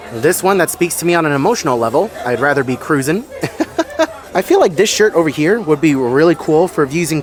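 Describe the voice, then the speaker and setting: A man vlogging casually to camera aboard a cruise ship, chatty and upbeat, talking straight to his viewers. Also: fairly high pitch. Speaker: cruise vlogger, channel host. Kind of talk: casual vlog narration to camera. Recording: busy ship venues with music and crowd chatter behind.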